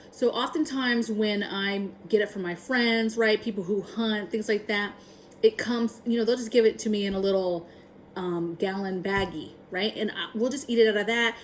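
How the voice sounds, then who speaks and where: A woman's voice: medium pitch, slight background noise, rough recording. Chatty woman vlogging a kitchen how-to. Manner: chatty, frequent ums and tag questions; upbeat and enthusiastic. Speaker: prepping vlogger. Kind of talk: casual home how-to vlog.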